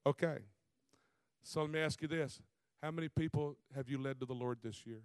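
A middle-aged man, preaching a sermon in a folksy, animated way full of rhetorical questions. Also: a little high, normal speed, dry recording. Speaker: visiting preacher.

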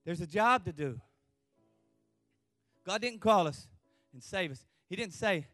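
A man preaching a fervent revival sermon, repeating refrains and letting out whooping shouts. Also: high voice, animated, measured pace, pauses often, no room sound, soft background music. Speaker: pastor.

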